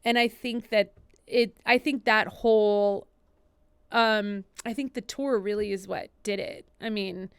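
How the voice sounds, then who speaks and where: Woman, thirties, casual chatty storytelling, filler-heavy, smooth, dry. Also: medium pitch, a little slow, no room sound. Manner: chatty, many "like" fillers, animated retellings. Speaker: podcast co-host and assistant, guest.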